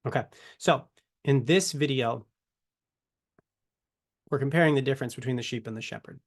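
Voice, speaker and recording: A man's voice: medium pitch, moderate pace. Conversational man teaching scripture. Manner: conversational, rhetorical questions, self-corrections. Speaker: ministry teacher. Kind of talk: casual Bible teaching to camera.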